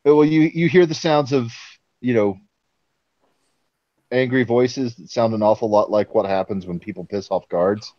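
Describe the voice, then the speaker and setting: A man narrating as game master in a tabletop game, describing the scene slowly and with pauses. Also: mid-range voice, fairly even intonation, warm tone, no echo. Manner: slow, measured narration with pauses. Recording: dull lo-fi voice chat audio.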